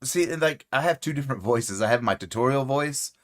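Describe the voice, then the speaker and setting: A man hosting a casual crochet livestream, rambling relaxed and friendly with many fillers and greeting viewers by name. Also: mid-range voice, fairly quick.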